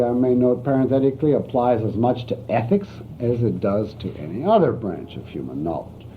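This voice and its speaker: A man giving a university philosophy lecture in an emphatic, wry manner. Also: medium pitch. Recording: tinny, lo-fi archival lecture tape with faint hiss.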